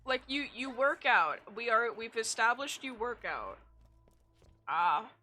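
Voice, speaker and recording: A woman's voice: a little high, big pitch swings, slow pace, pushed and bright. A young woman streaming a game, chatting casually in a blunt, rambling way with frequent swearing. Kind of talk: casual chat while gaming.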